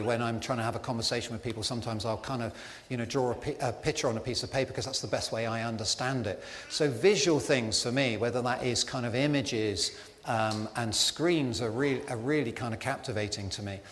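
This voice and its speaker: A man's voice: medium pitch, brisk, a bit bright, slight background noise. A man giving a chatty, self-deprecating sermon in a church, full of fillers and asides. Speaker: preacher. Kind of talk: conversational sermon. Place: church hall. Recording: reverberant hall with faint ambience.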